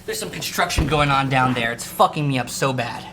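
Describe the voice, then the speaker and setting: A music reviewer ranting sarcastically through an album review vlog, swearing often and bursting into loud outbursts, recorded in an apartment. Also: mid-range voice, a little fast, heavy background noise. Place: apartment room.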